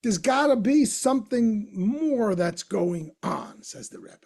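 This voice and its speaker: A man's voice: sits high, sing-song, slow pace, vocal fry, darkish tone. A man teaching a Torah lesson as a rabbi, explaining a passage with questions and repeated points for emphasis. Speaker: rabbi teaching a text class.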